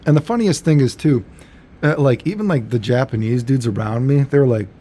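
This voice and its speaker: A vlogger tells a story in a laid-back, rambling monologue, filling it with fillers and self-corrections. His medium-pitched voice moves fairly quickly and sounds mellow, with slight background noise.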